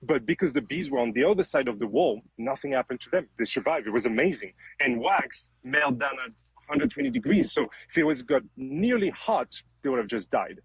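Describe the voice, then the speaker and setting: A man's voice: mid-range voice, very animated, brisk, husky, no room sound, rough recording. A man in his thirties from France with a French accent, a guest beekeeper telling stories and explaining things in a friendly way on a remote call from outdoors. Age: 30s. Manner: friendly storytelling, plain explanations. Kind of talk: interview answers. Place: outdoors beside a beehive.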